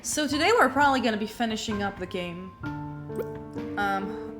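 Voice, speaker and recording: A woman's voice: medium pitch, animated, normal speed, over music. A woman streamer with a cold, chatting through a story game and thinking aloud with many fillers. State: has a cold. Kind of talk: casual game playthrough commentary.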